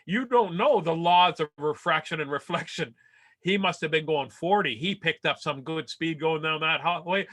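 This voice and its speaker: Bright-voiced man telling a story. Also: fairly high pitch, moderate pace. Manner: animated, self-deprecating storyteller who acts out quotes; turns soft and earnest in emotional passages. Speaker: keynote speaker. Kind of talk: motivational storytelling talk.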